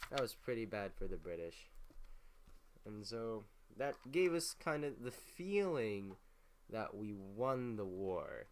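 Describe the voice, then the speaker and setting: A man's voice: lowish voice, slight background noise. A young man casually retelling history in a rambling, profane way, full of filler words. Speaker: history recap host.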